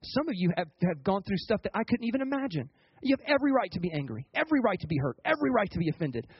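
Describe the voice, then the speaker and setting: Racing along in a high, husky, sing-song voice, a man preaches a sermon as a pastor, and the recording has its highs cut off. His talk is conversational and colloquial, and he keeps restarting his words and asking the congregation to answer.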